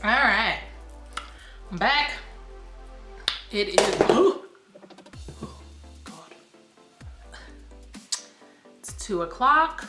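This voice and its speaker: A woman's voice: medium pitch, big pitch swings, extremely slow, pauses often, echoey room, music in the background. A young woman chatting casually in a rambling, self-amused way as a beauty vlogger, a little out of breath. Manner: chatty, rambling, laughs at herself. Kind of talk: casual vlog chat.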